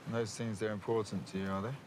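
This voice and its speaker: An actor playing a curious young man who asks a married woman quiet, probing questions in a film scene. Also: on the low side, level tone, fast talker, a little hiss or hum, close to an everyday voice. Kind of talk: film dialogue. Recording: film clip with faint music.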